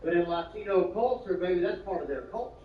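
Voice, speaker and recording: A man telling a stand-up story with lots of energy. He swings from hushed asides to loud bursts and uses slang and swearing. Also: high voice, animated, fast talker. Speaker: stand-up comedian. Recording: roomy, distant, muffled, with clear background noise.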